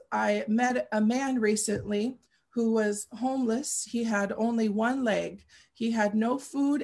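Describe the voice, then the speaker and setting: A woman with a high, heavily gravelly voice preaches through a personal testimony. Her husky delivery is earnest and repetitive, and she presses her points with fervent pleading. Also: darkish tone. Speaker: guest speaker.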